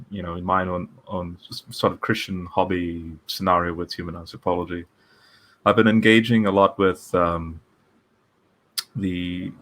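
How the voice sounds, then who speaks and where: A man's voice: sits low, bright, forceful tone. A man hosting an interview over a video call, talking casually and rambling with frequent restarts. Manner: rambling, many restarts and fillers. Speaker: podcast host interviewer.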